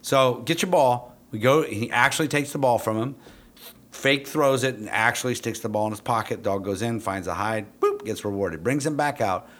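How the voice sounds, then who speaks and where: A middle-aged man who trains police dogs, telling a story in a blunt, profane, casual way and jumping into animated quotes of himself. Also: mid-range voice, moderate pace.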